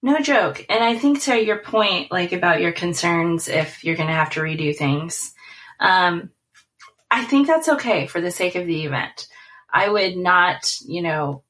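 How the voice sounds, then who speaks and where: An enthusiastic woman guest with a slightly low but bright voice. She talks in a casual, effusive way, peppering her sentences with fillers. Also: lively intonation, measured pace, poor audio. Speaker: guest, small business owner. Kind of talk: casual chat.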